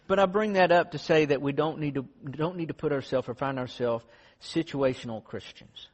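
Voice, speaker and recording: A man's voice: on the high side, moderate pace, hardly any pauses. A man preaching a sermon in an earnest, conversational storytelling way. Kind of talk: sermon with closing prayer. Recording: dull lo-fi sound in a reverberant hall.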